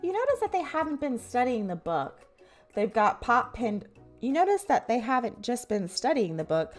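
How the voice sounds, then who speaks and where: A woman streamer with a Southern US accent reads a game's story aloud in a playful, self-mocking way. Her voice moves up and down in an animated way over faint background music. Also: on the high side, fairly quick. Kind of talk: narrating a visual novel game aloud.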